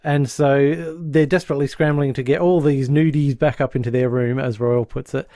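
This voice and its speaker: A man's voice: medium pitch, no echo, clean studio sound. Man recapping a sitcom plot. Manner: animated plot recap with quick character voices. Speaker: podcast co-host. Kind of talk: casual podcast chat.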